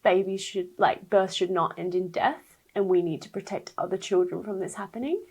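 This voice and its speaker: A young woman speaks candidly and emotionally as a podcast guest. Her voice is gravelly and husky at a middle pitch. She talks in loose, unscripted bursts full of fillers and quoted speech. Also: normal speed, darkish tone, rough recording. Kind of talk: personal storytelling in an interview.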